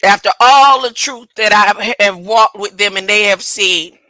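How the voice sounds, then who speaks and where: A woman voicing a gentle, forgiving male savior who is weary before his death, speaking softly and pleadingly. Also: medium pitch, measured pace, no echo, pitched below the performer's own voice, poor audio. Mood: tender. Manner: soft, tender, pleading.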